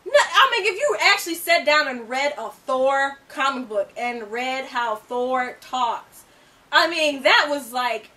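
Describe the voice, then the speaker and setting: A woman co-hosting a casual movie review chat, excitable and laughing often. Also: slow pace, recorded from a distance. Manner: excitable, laughs often, goes high when mocking critics. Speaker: co-host of a movie review show. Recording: voice from away from the mic.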